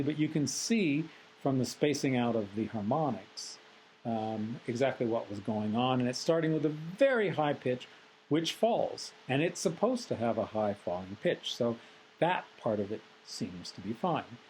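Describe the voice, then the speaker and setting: A man teaching a recorded software tutorial lecture, methodical and explanatory with frequent ums. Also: medium pitch, lively intonation, moderate pace, slight background noise, rough recording. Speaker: instructor.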